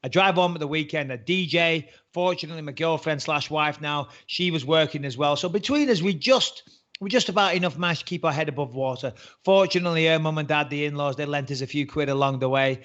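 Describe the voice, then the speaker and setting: A man in his forties with a Northern English accent tells his story to an interviewer, his voice sitting fairly high for a man. He talks in a lively, joking way, often laughing things off before he turns serious. The recording is muffled and lo-fi. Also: a little fast. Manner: chatty, jokey, animated. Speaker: interview guest, former fighter turned commentator. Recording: muffled lo-fi audio.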